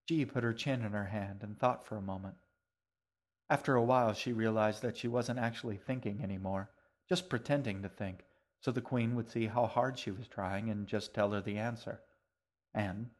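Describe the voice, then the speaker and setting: A man narrating his own story in a calm, even way. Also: lowish voice, moderate pace. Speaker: author and narrator. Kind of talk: scripted narration.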